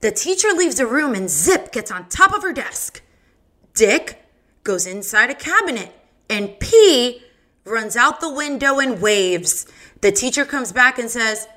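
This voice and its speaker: A woman's voice: a little high, very animated, measured pace, sharp tone. A woman hosting her own podcast, telling bawdy jokes in a giggly, self-mocking casual chat. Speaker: podcast host.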